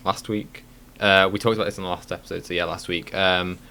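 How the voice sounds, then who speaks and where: A man's voice: sits low, flat delivery, fairly quick, creaky, sharp tone, slight background noise. A man co-hosting a casual gaming podcast who thinks aloud, hedging with frequent ums. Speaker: podcast co-host.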